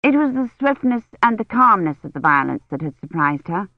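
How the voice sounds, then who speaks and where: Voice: medium pitch, big pitch swings, a little fast, dry recording. Audiobook narrator, dry and slightly dull sound. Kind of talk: scripted narration.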